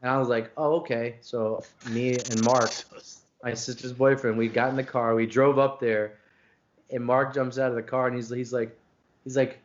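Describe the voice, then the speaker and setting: A man's voice: medium pitch, flat delivery, moderate pace, muffled recording. Profane rambling man telling a story. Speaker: podcast host. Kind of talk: casual storytelling chat. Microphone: video call.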